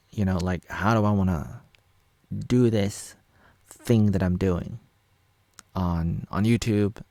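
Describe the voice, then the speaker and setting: A man's voice: deep voice, a little mellow, no room sound. A man in his thirties from Oregon, USA, rambling through a casual monologue and correcting himself as he reads his own posts aloud. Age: 30s. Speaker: vlogger.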